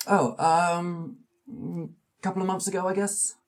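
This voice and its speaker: A man's voice: high-pitched, level tone, measured pace, voice pushed up. Man doing a small flustered old publisher. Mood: courteous. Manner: fluttery, surprised and courteous. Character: small fussy older male publisher, polite and flustered.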